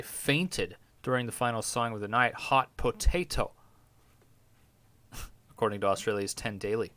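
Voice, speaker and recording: A man's voice: fairly low pitch, moderate pace, long pauses, fairly bright tone, no echo. A young man hosting a podcast, reading news stories aloud and reacting with crude, irreverent jokes. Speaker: podcast host.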